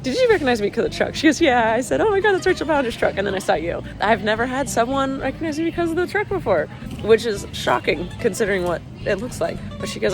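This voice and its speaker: A woman's voice: mid-range voice, creaky, echoey room. A young woman chatting casually to camera in a vlog, laughing often and acting out quotes. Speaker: vlogger. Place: store, car and home office.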